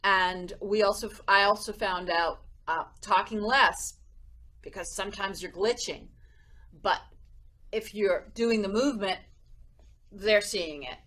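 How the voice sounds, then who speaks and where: A woman's voice: mid-range voice, a little slow. A woman co-hosting a music education podcast, chatting casually and acting out whispers and gasps as she tells teaching stories. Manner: animated, acts out whispers and gasps. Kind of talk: casual chat.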